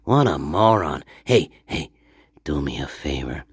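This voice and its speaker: A man's voice: very deep voice, very animated, unhurried, husky, dry recording, clean studio sound, heavily acted. A man playing a foul-mouthed ghost radio host who rants, boasts and stammers with profanity. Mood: indignant. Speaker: channel host. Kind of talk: comedic character monologue.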